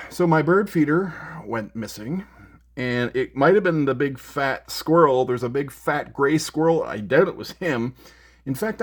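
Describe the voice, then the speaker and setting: Speaking at a medium pitch, this middle-aged man runs a music gear news show out of his home music room. His talk is loose and jokey, wandering around with plenty of fillers and false starts.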